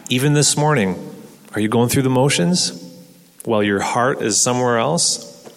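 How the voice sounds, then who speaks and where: A man's voice: medium pitch, moderate pace, gravelly, a little hiss or hum. A man preaching a sermon in an earnest way, asking rhetorical questions and repeating words as he restarts. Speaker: pastor. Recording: long hall reverb.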